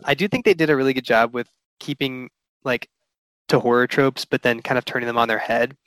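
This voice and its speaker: A man's voice: mid-range voice, brisk, clean tone, no room sound, poor audio. Young man in a dry room. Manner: laughs easily, animated retelling. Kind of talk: casual movie discussion.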